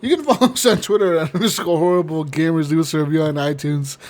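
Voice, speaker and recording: Man, gaming podcast host, slightly high-pitched, rambling and profane. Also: fast, darkish tone. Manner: profane, rambling, laughs often. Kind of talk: casual podcast chat.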